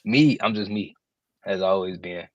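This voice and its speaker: A man's voice: sits low, measured pace, no room sound, lo-fi sound. A man co-hosting a live wrestling podcast, talking with boastful, playful trash talk. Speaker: podcast co-host. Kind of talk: casual live podcast chat.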